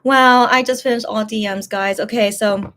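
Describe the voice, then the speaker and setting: A woman's voice: mid-range voice, fairly even intonation, moderate pace, fairly bright tone. A young woman hosting a casual livestream, rambling and hesitant with many fillers, emotional and close to tears. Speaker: livestream host reading fan messages.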